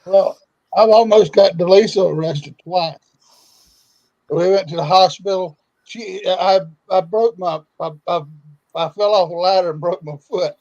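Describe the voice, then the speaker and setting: A man's voice: high-pitched, measured pace, darkish tone, lo-fi sound. A man casually telling a story among friends, stammering and repeating words as he goes.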